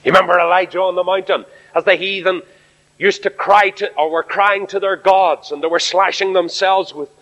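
Irish male preacher, fairly high voice, emphatic sermon delivery, long hall reverb. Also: steady tone, moderate pace, fairly bright tone. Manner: emphatic, addresses the congregation directly. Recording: dull recording in a reverberant hall.

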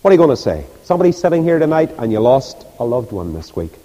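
Impassioned preacher. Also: male voice, sing-song, quick pace. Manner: impassioned, rises to loud high peaks, then drops soft. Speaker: preacher and Bible class leader. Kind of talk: sermon. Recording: long hall reverb.

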